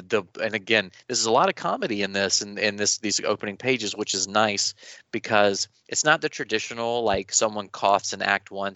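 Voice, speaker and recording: Bright-voiced man, casual podcast chat. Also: lowish voice, no echo. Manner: rambling, animated, frequent restarts. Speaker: podcast co-host.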